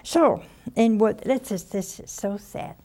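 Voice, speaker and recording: An older woman, a nun, giving an informal spiritual talk full of personal stories, folksy and unhurried with sighs and soft asides. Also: medium pitch.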